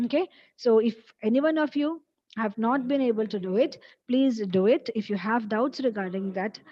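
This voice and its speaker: A woman's voice: a little high, darkish tone, lo-fi sound. A woman teaching a college English class, explaining step by step in a patient lecture style and repeating key points.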